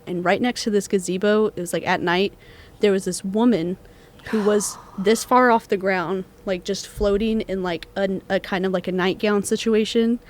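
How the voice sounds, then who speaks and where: A woman's voice: mid-range voice, moderate pace. Chatty young woman telling ghost stories. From Texas. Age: young adult. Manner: animated storyteller, many fillers, acts out quoted voices. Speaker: student podcast co-host.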